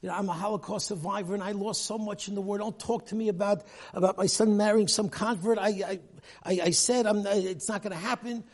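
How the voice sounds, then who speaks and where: A man's voice: high voice, fairly even intonation, brisk, pitched above the performer's own voice. A man voicing an angry older father, a Holocaust survivor, scolding a rabbi on the phone. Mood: indignant. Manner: indignant, scolding.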